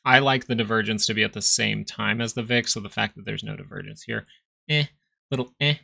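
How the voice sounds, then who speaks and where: A man's voice: lowish voice, a little fast, creaky, bright, forceful tone. A young man hosting a live stock market stream, giving casual, rambling chart commentary and joking with viewers. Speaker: stock market livestream host.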